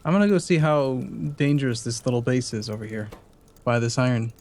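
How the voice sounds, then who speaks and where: A man's voice: mid-range voice, expressive, a little fast, darkish tone. An American man chatting casually as a co-player in a gaming session, rambling with lots of fillers. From United States.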